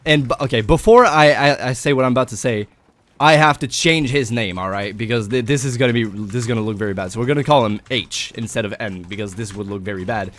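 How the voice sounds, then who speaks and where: Young man telling a story, mid-pitched. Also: fast talker. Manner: animated, swearing, breaks into laughter. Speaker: vlogger. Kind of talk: casual storytelling vlog.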